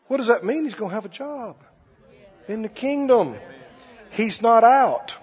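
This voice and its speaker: A man's voice: high-pitched, animated, slow pace, long pauses, breathy edge. A man preacher delivering a fervent sermon and firing rhetorical questions at his congregation. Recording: dull recording with long hall reverb.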